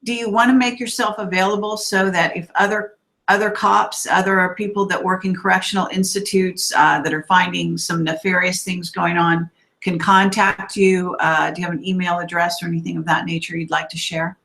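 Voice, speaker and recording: A woman hosting an online live-stream interview, asking questions haltingly with many fillers. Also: fairly low pitch, fairly even intonation, vocal fry, a bit bright, rough recording. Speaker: host.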